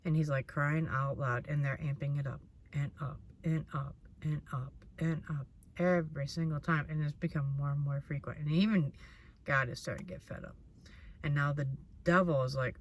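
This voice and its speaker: A woman's voice: low-pitched, fairly even intonation, moderate pace, a little hiss or hum. A woman doing a casual tarot reading in a blunt manner. She swears freely and repeats herself. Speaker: tarot reader.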